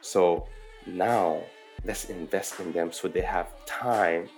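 A man's voice: low voice, fairly even intonation, slow, a little mellow, soft background music. A man from Mali, a company founder, speaking earnestly as an interview guest. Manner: earnest, persuasive. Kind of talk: interview conversation.

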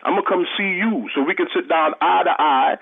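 A man on a phone call, answering an accuser in a firm, measured, streetwise way. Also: on the high side, creaky. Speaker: rapper, prank call target. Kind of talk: heated phone conversation. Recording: tinny phone line.

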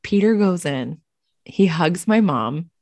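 A woman with a fairly low voice tells a story in a loose, animated way on a chat podcast. She swears freely and often breaks into laughter. Her voice is recorded close and dry. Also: takes it slowly, dry recording. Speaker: podcast co-host.

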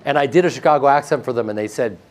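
A man with a flat Midwestern American accent, interviewed about his acting work, joking and self-deprecating with frequent restarts. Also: mid-range voice, rapid-fire. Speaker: actor interviewed. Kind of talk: casual interview chat.

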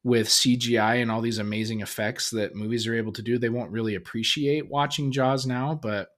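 A man's voice: medium pitch, fairly even intonation, a little fast, a bit bright. A man in his thirties hosting a casual solo podcast, telling a family story in a rambling way with restarts and fillers. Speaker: podcast host.

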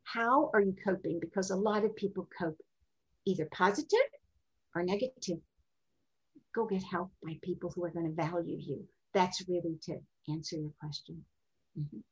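Older female guest, husky, lower-pitched, animated storyteller. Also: moderate pace, muffled recording. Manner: expressive, jumps into high voices when quoting. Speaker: sexologist and guest.

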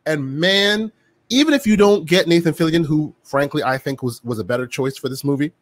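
A man hosting a casual gaming podcast, talking in an animated, chatty way with lots of fillers and restarts. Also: fairly high pitch, fairly quick, no room sound. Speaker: podcast host.

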